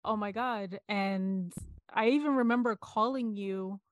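A woman's voice: medium pitch, a little slow, no room sound, lo-fi sound. Earnest woman speaking in a dry room. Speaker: podcast co-host. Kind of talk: candid conversation.

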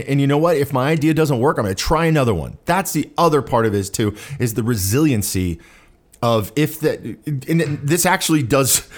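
Solo podcast host, male, profane, rambling, self-assured, mid pitch. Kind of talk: casual solo monologue.

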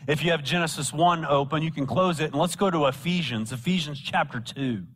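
A man's voice: on the high side, fairly quick, fairly bright tone. A male pastor delivering a sermon, repeating key phrases for emphasis and reading scripture aloud to the congregation. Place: church sanctuary. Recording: church hall with long reverb.

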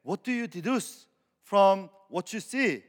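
A man's voice: high voice, animated, a little slow. A man voicing a curt detective in a joke told during a sermon, with short, blunt lines. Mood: quiet, blunt. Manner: terse, blunt. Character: sharp, curt male detective. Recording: long hall reverb.

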